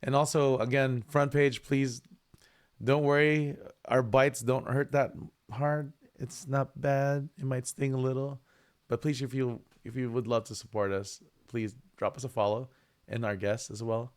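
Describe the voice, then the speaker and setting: A man's voice: medium pitch, fairly even intonation, unhurried. A man hosting a music livestream, chatting casually and talking to his viewers in a friendly way. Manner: friendly, chatty, addresses the chat. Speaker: livestream host.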